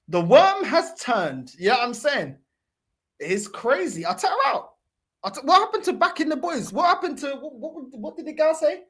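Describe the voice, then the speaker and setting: A woman's voice: high voice, a bit bright. A woman hosting a football fan channel, delivering a heated, profane, mocking reaction rant. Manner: profane, mocking, repeats "bro".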